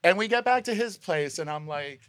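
A man's voice: a little high, expressive, normal speed, fairly bright tone, no room sound, studio quality. A man from the audience at a live show, telling a story in an amused, self-mocking way.

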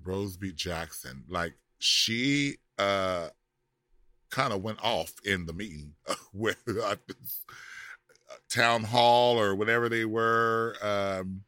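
A man's voice: fairly low pitch, slow, sharp tone, dry recording, studio quality. A man co-hosting a podcast in casual chat, sassy and drawling, laughing often. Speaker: podcast co-host.

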